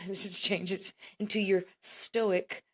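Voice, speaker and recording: Casting: woman, 40s, podcast co-host, playful teasing banter, quick to laugh. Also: medium pitch, flat delivery, slightly rough. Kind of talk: casual chat.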